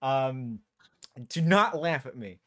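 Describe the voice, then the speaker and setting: A man hosting a casual talk show, halting and self-deprecating, laughing often. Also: mid-range voice, lively intonation, a bit bright. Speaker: host. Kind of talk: casual chat.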